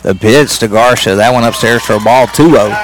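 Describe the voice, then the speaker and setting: A man calling a softball game play by play on a live broadcast, getting excited and climbing in pitch on big plays. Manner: rapid excited calls, pitch jumps high on big plays. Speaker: play-by-play announcer.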